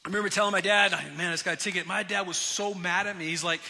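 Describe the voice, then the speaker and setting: Bright-voiced storytelling preacher in a hall. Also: male voice, high-pitched, racing. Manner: energetic storytelling preacher, direct address. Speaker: pastor. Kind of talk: sermon.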